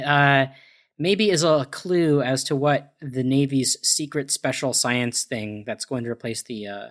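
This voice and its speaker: A man speaking at a middling, ordinary pitch as a panelist on a casual discussion podcast. He works out his thoughts as he goes, hesitating often and restarting his sentences with plenty of fillers. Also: fairly bright tone. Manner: hesitant, thinks aloud with many fillers and restarts.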